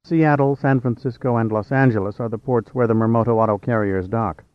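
A man voicing a confident, flirtatious adult woman with a direct, brisk manner. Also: mid-range voice, fairly even intonation, dry recording, natural voice. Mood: earnest. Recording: slightly dull, dry.

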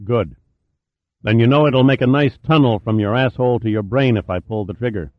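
A cold, menacing male agent, as a narrator reads him speaks in low, clipped threats. The audiobook sound is dry and slightly muffled, with a middle-pitched voice pushed lower. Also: a little fast, no room sound, close to an everyday voice.

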